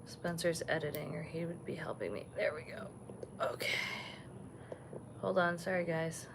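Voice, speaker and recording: A woman hosting a casual livestream from a resort balcony, chatting softly and gushing over the animals she sees. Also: low voice, steady tone, normal speed, gravelly, noisy background. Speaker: vlog host. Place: resort balcony overlooking savanna, outdoors.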